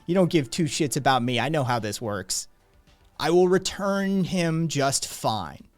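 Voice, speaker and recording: A man voicing a flamboyant, theatrical male club figure with a loud, teasing manner. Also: a little high, expressive, measured pace, faint music behind. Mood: showy.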